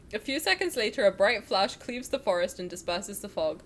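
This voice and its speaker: A young woman on a casual reaction stream chats with crude jokes and plenty of giggling, reading story text aloud between her remarks. Her mid-range voice is expressive and a little fast, with few pauses and slight background noise.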